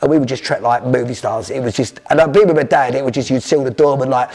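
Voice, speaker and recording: Rapid-fire man, guest spinning anecdotes with restarts, in a reverberant space. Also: medium pitch, gravelly, a little mellow. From South London. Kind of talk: storytelling interview. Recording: long hall reverb.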